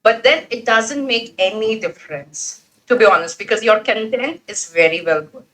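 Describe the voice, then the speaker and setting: A woman's voice: fairly high pitch, expressive, moderate pace, fairly bright tone, soft background music, rough recording. A woman, a student giving her view in class in a reflective way with loose filler phrases. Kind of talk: class discussion.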